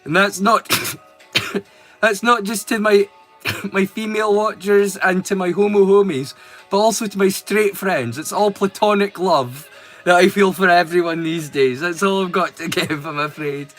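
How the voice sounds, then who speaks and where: A man's voice: high-pitched, fairly even intonation, a little slow, a bit bright, soft background music. A man with a Scottish accent chatting casually with his live-stream viewers, teasing them and swearing freely. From Scotland.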